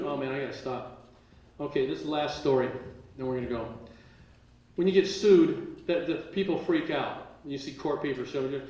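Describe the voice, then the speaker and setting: A man's voice: fairly high pitch, moderate pace. A man speaking at a live seminar, telling stories animatedly and acting out what others said, with occasional laughter. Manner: animated, acts out quotes, laughs while telling. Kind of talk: storytelling to a live audience. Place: large room with a live audience. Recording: roomy echo, distant mic.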